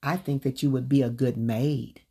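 Woman playing a cold dismissive counselor lady, flat, curt, low husky voice, storybook reading. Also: normal speed, heavily acted.

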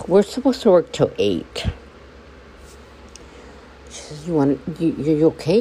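A man in a casual venting monologue, rambling and swearing, swinging between hushed mutters and angry outbursts. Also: on the high side, sing-song, takes it slowly, pauses often. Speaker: vlogger. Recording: noisy background.

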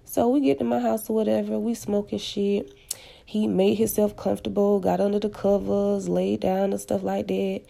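Gravelly, dark-voiced woman telling a story. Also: medium pitch, level tone, moderate pace. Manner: candid, profane, slangy retelling. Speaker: podcast storyteller. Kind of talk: casual storytelling.

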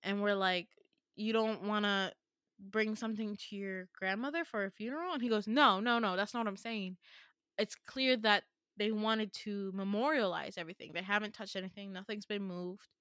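A woman's voice: medium pitch, steady tone, normal speed, a bit bright, clean tone, no room sound, studio quality, natural voice. A woman quoting a distraught young man in her story, with agitated, repeated questions and her own voice barely changed. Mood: pleading.

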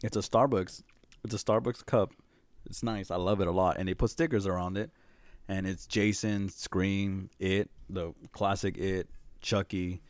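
A man's voice: sits low, steady tone, unhurried, no echo. Laid-back swearing male podcast host, dry sound. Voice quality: laughs often, swears casually, trailing restarts. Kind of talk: casual chat.

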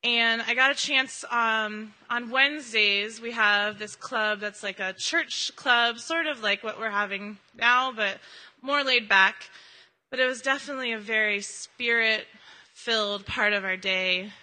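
A woman shares an earnest, conversational church testimony, often pausing on an um. Her voice sits a little high and sounds very bright and forceful. The sound carries a long reverb from a church hall. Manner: earnest and conversational, with frequent ums. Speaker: church member giving a mission-trip testimony. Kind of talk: personal testimony at a church service.

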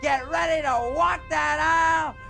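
A man's voice: very high-pitched, steady tone, unhurried, creaky, pushed and bright, soft background music, heavily acted. A man putting on a brash, boastful male pro wrestler who hypes a tape with bellowing, flamboyant patter. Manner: flamboyant, bellowing huckster patter with whooping cries.

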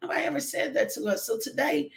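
A woman's voice: sits high, fast talker, vocal fry, roomy sound. A woman hosting a devotional podcast, preaching with exuberant energy, laughing often and calling out to listeners. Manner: exuberant, laughing, call-and-response.

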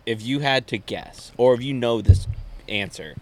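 A man's voice: medium pitch, normal speed. A man in casual conversation, asking curious follow-up questions. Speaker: podcast co-host. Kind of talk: casual chat.

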